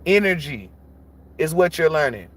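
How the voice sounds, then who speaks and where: A man's voice: fairly high pitch, big pitch swings, moderate pace, fairly bright tone. A man who reads tarot, talking bluntly and casually on a livestream and preaching about energy with plenty of swearing. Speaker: tarot reader.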